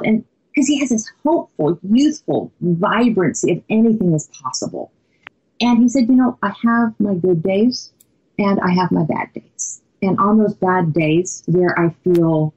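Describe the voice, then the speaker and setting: Husky, low woman guest, lively conversational storyteller. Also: rough recording. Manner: animated, many "you know" fillers. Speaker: podcast guest, author.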